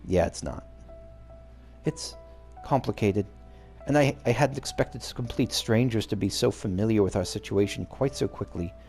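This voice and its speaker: A man's voice: lowish voice, normal speed, a little mellow, soft background music, lightly acted. A man reading aloud the subdued lines of a guarded young noblewoman in a game.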